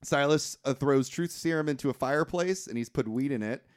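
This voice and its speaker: A man co-hosting a podcast, recapping a comedy film in a deadpan way and acting out lines of dialogue. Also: mid-range voice, fairly quick. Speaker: podcast co-host recapping a movie. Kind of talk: casual chat.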